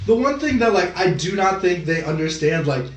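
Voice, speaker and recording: A young man co-hosting a podcast, rambling and swearing through casual chat and breaking into quick impressions of other people. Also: sits high, lively intonation, far from the mic. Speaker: podcast co-host. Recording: echoey room, off-mic.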